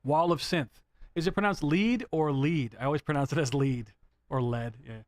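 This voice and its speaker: A middle-aged man streaming live, chatting casually about synths; he rambles, gets excited and keeps apologizing. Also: a little high, a little fast, no echo, studio quality. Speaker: synth livestreamer. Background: faint synth music.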